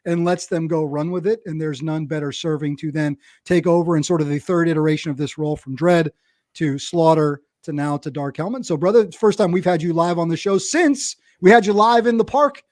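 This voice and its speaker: A man hosting a podcast, chatty and quick to laugh, who introduces his guest in long run-on sentences. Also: a little high, darkish tone, dry recording, studio quality. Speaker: podcast host. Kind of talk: casual podcast chat.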